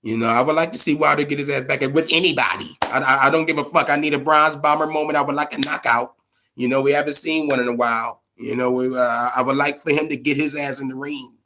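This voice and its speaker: A man's voice: mid-range voice, steady tone, fast, sharp tone. A man hosting a boxing podcast, giving casual, opinionated commentary full of swearing and repeated emphasis. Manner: profane, emphatic, repeats himself.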